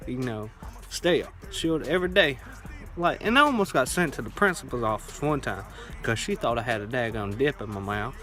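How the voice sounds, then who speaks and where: Young man, drawl, casual vlog storytelling, rambling, mid-pitched voice, faint music behind. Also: lively intonation, normal speed, fairly bright tone. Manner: rambling, drawling, with many fillers and restarts. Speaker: vlogger.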